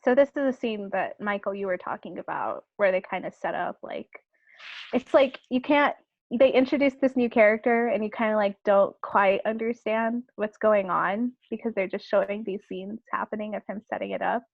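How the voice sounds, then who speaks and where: A woman's voice: mid-range voice, normal speed, gravelly, dry recording, narrow, tinny audio. A woman co-hosting a casual movie review podcast, talking in a loose, rambling way full of "like". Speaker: podcast co-host.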